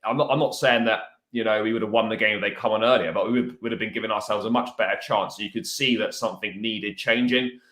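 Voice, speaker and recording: A man on a fan panel giving measured, reasoned analysis with hesitant restarts, over a video call. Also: fairly low pitch, steady tone, a bit bright, reverberant. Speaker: panel guest.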